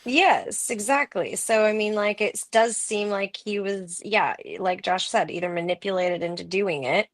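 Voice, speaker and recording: Female co-host, unhurried, playful, dry close sound. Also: mid-range voice, dry recording. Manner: relaxed, joking, trails off with laughs. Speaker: podcast co-host. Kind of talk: casual book-club chat.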